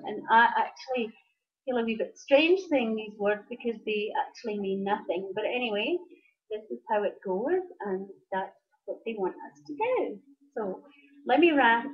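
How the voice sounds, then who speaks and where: A woman's voice: a little high, muffled recording. A Scottish woman talking casually to her camera in a vlog, chatty and hesitant, with frequent ums. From Scotland. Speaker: vlogger.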